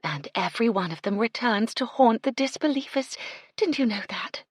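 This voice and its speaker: A woman voicing a mystical, condescending bohemian woman who speaks in drawn-out, mysterious murmurs. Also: fairly high pitch, animated, slightly rough, dry recording, clean studio sound, voice pushed up. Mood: eerie.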